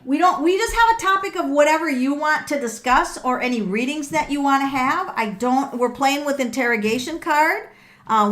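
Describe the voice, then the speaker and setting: A middle-aged woman with a high voice hosts a live tarot reading. She is excitable and thinks aloud, full of ums and repeated words. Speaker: tarot reader and livestream host.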